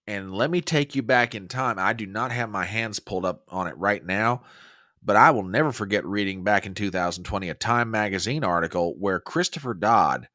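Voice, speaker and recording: A man's voice: on the low side, moderate pace, no room sound, studio quality. A man hosting a conservative political show, giving emphatic, opinionated commentary and often restarting his sentences. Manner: emphatic and animated, with frequent restarts. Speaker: host of a conservative political podcast.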